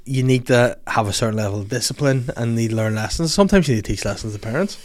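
A man hosting a podcast, telling sweary, lively stories in casual chat. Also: mid-range voice, quick pace. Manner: sweary, lively storytelling with acted quotes. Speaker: podcast host.

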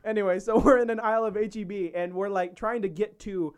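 A young man with a notably high speaking voice chats casually on a podcast. He tells stories with lively energy and mimics other people's voices. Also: quick pace, over a noisy crowd. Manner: animated storyteller, mimics voices. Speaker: podcast co-host. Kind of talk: casual chat.

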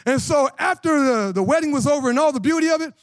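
This forties-aged man speaks as a pastor, delivering an animated, slang-filled sermon in a conversational style and quizzing his congregation. The pitch is very high, the pace quick, and there's no echo at all.

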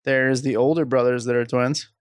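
A man co-hosting a podcast, tossing out quick crude quips in casual chat. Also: mid-range voice, steady tone, no echo, studio quality. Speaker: podcast co-host.

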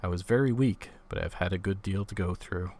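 A man's voice: deep voice, a little fast, a little mellow. A man reading the lines of a shaken, pale young engineer who speaks politely and formally.

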